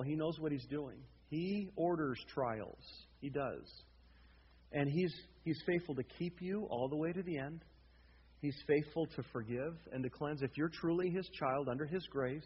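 A man's voice: on the high side, breathy edge. A man preaching an expository sermon as pastor, emphatic, repeating key words and prompting the congregation to answer back. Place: church sanctuary. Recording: reverberant hall, dull lo-fi sound, faint noise.

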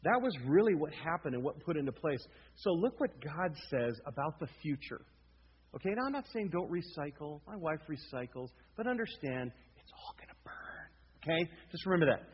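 A man's voice: fairly high pitch, big pitch swings, fairly quick. A man preaching an expository sermon as pastor, emphatic, repeating key words and prompting the congregation to answer back. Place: church sanctuary. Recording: reverberant hall, dull lo-fi sound, faint noise.

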